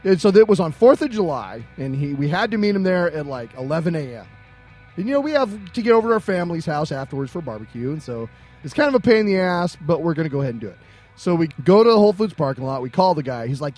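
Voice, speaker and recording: Middle-aged podcast co-host with a high voice, animated casual storyteller who acts out dialogue, faint music underneath. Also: male voice, fast. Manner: animated anecdote, mimics other people's lines, laughs often.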